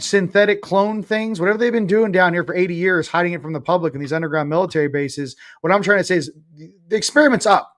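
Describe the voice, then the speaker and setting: Blunt, emphatic man with a higher voice. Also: fairly quick. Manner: emphatic, blunt, swears casually; sarcastic, self-mocking. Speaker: interview guest. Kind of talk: casual spiritual interview talk.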